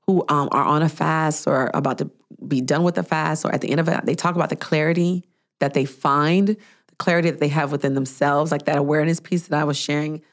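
A woman in her thirties hosting a podcast, her voice sitting a little low. She talks in a casual, chatty way and brings her stories to life by playing out what other people said. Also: fairly quick. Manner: animated storytelling, acting out quoted people. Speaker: podcast host. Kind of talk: casual chat.

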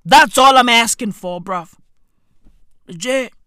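A woman with delivering a profane comedic rant, swearing a lot and breaking into shouts. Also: on the high side, slow pace, clear, resonant tone, dry recording, clean studio sound. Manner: slang-heavy, swearing, bursts of shouting.

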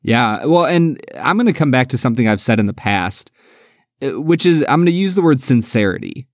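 A man's voice: mid-range voice, very animated, fairly quick, no room sound, clean studio sound. A man co-hosting a podcast, gushing casually about a film, laughing often and saying "like" a lot. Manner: enthusiastic, laughs often, uses fillers like "like" and "dude". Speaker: podcast co-host.

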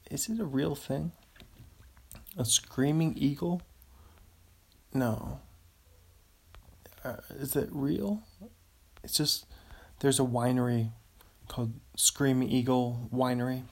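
A man talks through a casual solo podcast at an unhurried, drawn-out pace. His voice has a gravelly, fry-edged texture. He rambles and is easily amused, chuckling as he reads material aloud. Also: mid-range voice. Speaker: podcast host.

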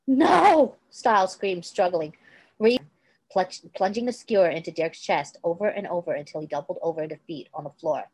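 A woman with a lowish voice reads fan fiction aloud in a casual, unpolished way. She trips over words and restarts as she goes. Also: brisk, no room sound, rough recording. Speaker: reader.

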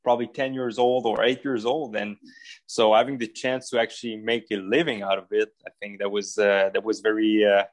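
A pro football executive in his thirties from Ottawa, Canada, speaks with a French accent as an interview guest, easygoing and casual with many fillers and restarts. His voice is lowish, a bit fast, with little pitch movement.

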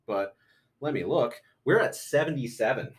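A man's voice: medium pitch, expressive, normal speed. A man hosting a podcast in casual banter, crude and joking, laughing often. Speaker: podcast host.

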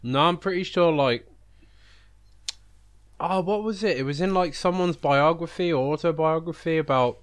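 A man's voice: a little high, normal speed, long pauses, clean tone. A man with a British accent, co-hosting a casual podcast chat, rambling and teasing while he eats. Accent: British English. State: talking while eating. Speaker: podcast co-host.

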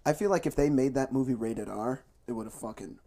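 A podcast co-host in casual chat, eager and full of swearing. The voice sits at a middle pitch and has a dark, relaxed tone. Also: fairly quick. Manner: enthusiastic, swears a lot.

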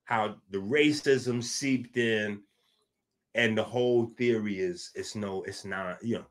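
A man from the Bronx, hosting a podcast and delivering a casual commentary monologue. He is animated and swings between loud and hushed, with frequent asides. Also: fairly low pitch, slow. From the Bronx, New York. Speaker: podcast host.

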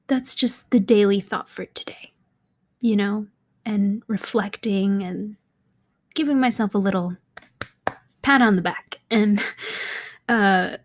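Young woman podcasting from her apartment, rambly and giggly, kinda high voice, slips into whispers. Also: unhurried, a little mellow. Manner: chatty and rambling, laughs often, drops to half-whispers. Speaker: podcast host. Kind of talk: casual solo podcast monologue. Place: apartment in a city.

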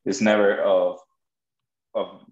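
A man's voice: sits low, flat delivery, takes it slowly, darkish tone. A man with a Spanish accent hosting a podcast, joking and telling stories in casual chat. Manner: joking, storytelling, laughs often. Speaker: podcast host. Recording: dull lo-fi roomy sound.

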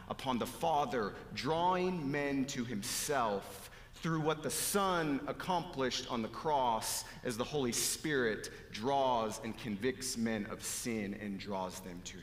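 A male pastor preaching a sermon, earnest, letting his voice fall low and soft at the ends of phrases. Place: church sanctuary. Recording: echoey hall with long reverb.

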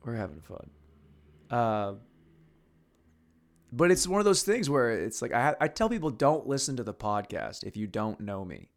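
A man's voice: mid-range voice, very animated, normal speed, pauses often. A man hosting a podcast alone, rambling crudely in a casual monologue with mumbles and restarts, on a podcast mic. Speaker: podcast host. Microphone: podcast microphone.

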